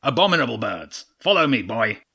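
A man's voice: medium pitch, big pitch swings, brisk, bright, forceful tone, husky, exaggerated voice. A man voicing a huge, fierce old male badger king who roars and taunts his enemies. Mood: taunting. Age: older. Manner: roaring, taunting, brash.

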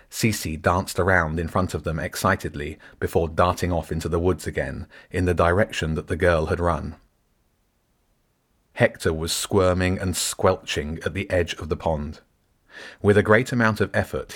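Brief: deep-voiced male author reading his own fantasy novel, measured and expressive. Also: breathy edge. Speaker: author and reader. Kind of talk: audiobook narration.

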